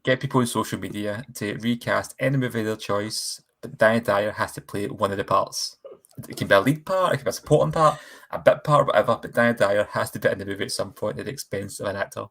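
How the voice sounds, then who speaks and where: A podcast co-host who jokes quickly in casual film chat. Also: medium pitch, creaky, a bit bright.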